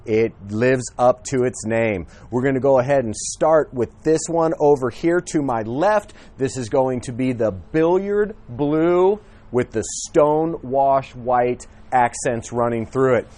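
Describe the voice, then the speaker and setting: Man, dealership presenter, casual outdoor walkthrough, eager and chatty, mid-pitched voice, handheld camera. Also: lively intonation, unhurried, dark tone. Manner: friendly, enthusiastic, with frequent fillers.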